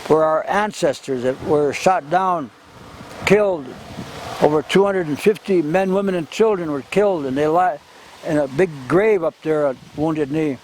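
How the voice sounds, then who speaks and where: Man, slightly high voice, halting storytelling, repeats words, wind noise on the mic. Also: a little mellow, poor audio. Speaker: activist recounting history. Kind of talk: oral history storytelling.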